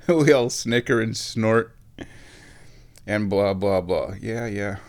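A man in his thirties from Omaha, telling a rambling, animated story in a casual monologue, chuckling now and then and bringing quoted people to life. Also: on the low side, takes it slowly. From Omaha, Nebraska.

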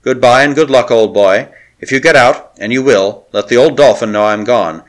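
A man reading aloud and voicing a reckless young adventurer with a rasping, brash way of talking. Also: mid-range voice, moderate pace, close to an everyday voice, rough recording. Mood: strained.

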